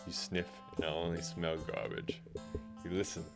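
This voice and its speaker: A man's voice: sits low, flat delivery, a little slow, music in the background. A man streaming live, reading a text game aloud in the second person and reacting as he goes.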